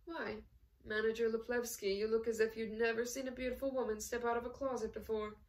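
Woman reading a poised, charming actress, teasing and smooth, higher voice, slightly off-mic. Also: flat delivery, a little fast, recorded from a distance, lightly acted. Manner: smooth, disarming, gently teasing. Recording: voice set back from the mic.

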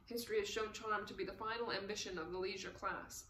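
A woman's voice: medium pitch, fairly even intonation, fast talker, fairly bright tone, reverberant, recorded from a distance, a little hiss or hum, lightly acted, low-quality recording. A woman voicing a severe male committee secretary who speaks in a formal, scornful way. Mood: disdainful.

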